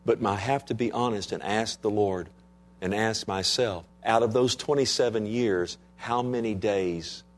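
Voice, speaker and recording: A man's voice: fairly low pitch, measured pace. Man preaching a conversational sermon. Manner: conversational preaching, repeats questions to the congregation. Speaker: pastor.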